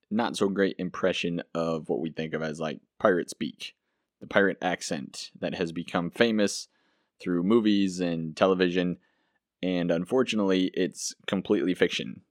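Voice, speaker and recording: A man's voice: deep voice, a little slow, no echo, clean studio sound. A man hosting a casual solo history podcast, chatty and enthusiastic, with some self-deprecating asides. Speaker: podcast host.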